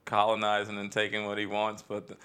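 Bright, crisp-voiced comedian guest. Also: male voice, on the low side, completely flat delivery, brisk. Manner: laid-back, joking. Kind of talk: casual podcast chat.

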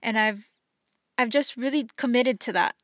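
Young woman podcasting solo, kinda high voice, dry close sound, earnest and encouraging. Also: normal speed, fairly bright tone, dry recording. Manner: earnest and encouraging, acts out her inner voices. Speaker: podcast host. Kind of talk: reflective solo podcast talk.

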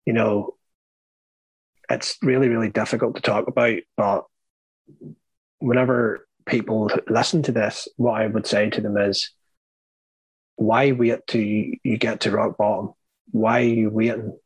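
A young Irish man with a low, husky voice tells his own story in an interview. He speaks earnestly and haltingly, restarting his sentences often. The sound is dry and close to the mic. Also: little pitch movement, no room sound, rough recording. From Ireland. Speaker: guest.

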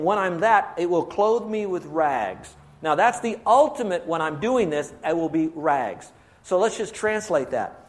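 A pastor preaching a sermon, asking his congregation questions and drawing out key words slowly. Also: high voice.

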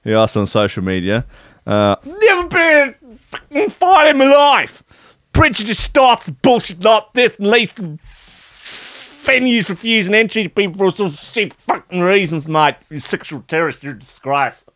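A man putting on a loud, brash young bloke, shouting and swearing indignantly. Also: sits high, sing-song, moderate pace, pitched above the performer's own voice. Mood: outraged.

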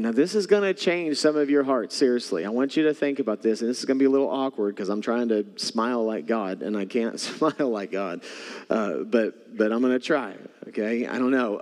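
Male pastor, mid-pitched, preaching with soft asides and raised emphasis, recorded in a reverberant church hall. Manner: shifts between soft near-whispers and raised preaching. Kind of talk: sermon.

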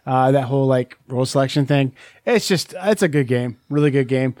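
A man's voice: mid-range voice, brisk, darkish tone, no room sound, clean studio sound. A man co-hosting a casual board game talk, rambling with lots of fillers and restarts. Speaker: podcast co-host. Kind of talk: casual chat.

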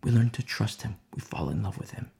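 Gravelly man preaching with lively storytelling. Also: fairly low pitch, fairly quick. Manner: acts out voices of imagined onlookers in a lively storytelling way. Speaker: Bible teacher. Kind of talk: informal sermon.

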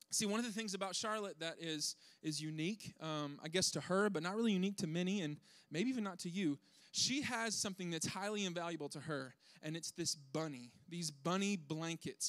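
Animated high-voiced man telling a funny story. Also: no room sound. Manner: animated, self-deprecating, acts out his kids' voices. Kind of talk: comedic storytelling to an audience.

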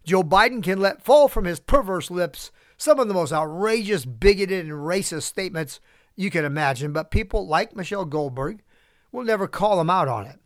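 A man's voice: high voice, lively intonation, normal speed, dry recording, clean studio sound. A middle-aged man hosting a podcast, reading out an opinion monologue with asides and chuckles. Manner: reads prepared remarks with asides and chuckles. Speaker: podcast host.

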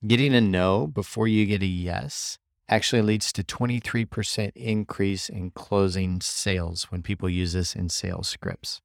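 Deep gravelly male podcast host. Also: steady tone, no room sound, clean studio sound. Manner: reads quotes from a book aloud; deliberately deepens and slows his voice. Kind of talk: solo podcast commentary.

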